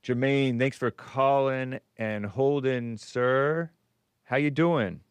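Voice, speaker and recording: A man's voice: mid-range voice, slow pace, clean tone, no echo. A man hosting a call-in show, rambling and musing aloud, breaking off mid-phrase and chuckling. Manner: rambling, self-interrupting, chuckling. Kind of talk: casual radio call-in talk.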